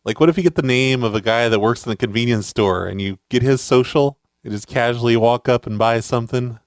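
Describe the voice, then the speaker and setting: A man hosting a show and making deadpan, mock-serious prank phone calls. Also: mid-range voice, brisk, no room sound, studio quality. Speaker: prank caller and show host.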